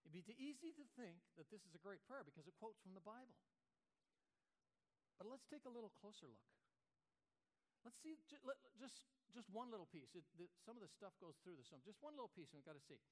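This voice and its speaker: A man's voice: sits high, expressive, fairly quick. A male pastor preaching a sermon, asking rhetorical questions and often restarting his words.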